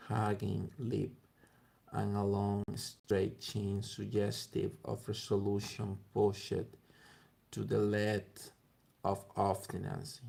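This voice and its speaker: A man reading a classic story aloud slowly and haltingly, stumbling over words. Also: fairly low pitch, creaky, dark tone, slightly rough. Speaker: reader.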